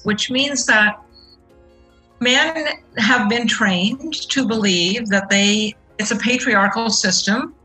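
A middle-aged woman with a bright, forceful voice explains her points earnestly in an interview and leans hard on the key words. Faint music plays quietly underneath. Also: fairly high pitch, rough recording. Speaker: guest. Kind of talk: interview answer.

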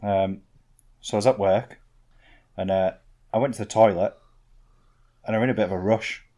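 Man, low-voiced co-host, dry laid-back storyteller. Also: fairly even intonation, normal speed, warm tone. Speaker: podcast co-host. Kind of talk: casual banter.

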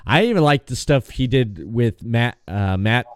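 A man's voice: medium pitch, clean tone, no echo. Male host, casual wrestling talk, dry close sound, easygoing. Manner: relaxed, halting, restarts phrases. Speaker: podcast host. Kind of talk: casual podcast chat.

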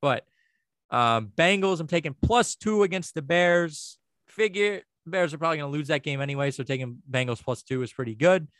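Dude ranting on a podcast, swears a ton, kinda high voice, dry close sound. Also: male voice, animated, normal speed, fairly bright tone, dry recording. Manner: crude, joking rants with frequent swearing. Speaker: podcast co-host. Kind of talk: casual podcast banter.

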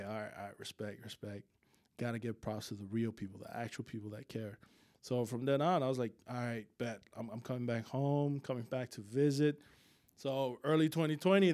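A man telling a personal story as a podcast guest, talking in casual slang, laughing often and restarting his sentences. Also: medium pitch.

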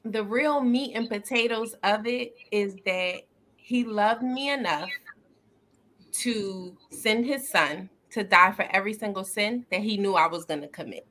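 Brief: upbeat woman podcast host, bright tone, earnest faith chat, quick laughs. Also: medium pitch. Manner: upbeat, earnest, laughs often, many fillers.

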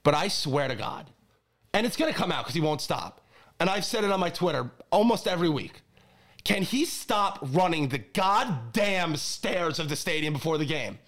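A man co-hosting a casual sports chat who gets worked up and shouts mid-rant. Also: a little high, expressive, normal speed. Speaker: podcast co-host.

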